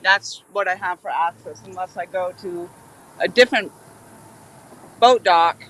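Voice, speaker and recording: A woman's voice: lowish voice, unhurried, a bit bright, slight background noise, low-quality recording. A woman hosting a live fishing stream outdoors by a river, chatting in a rambling, easygoing way. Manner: rambling, easygoing, laughs often. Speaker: livestream host fishing. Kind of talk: casual live-stream chat. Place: outdoors at a river boat dock.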